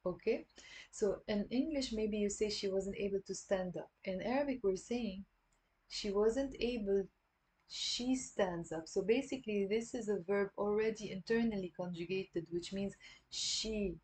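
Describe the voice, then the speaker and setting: A woman with a Lebanese accent giving an online language lesson, patiently repeating words slowly for learners. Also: medium pitch, a little mellow. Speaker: Arabic dialect teacher.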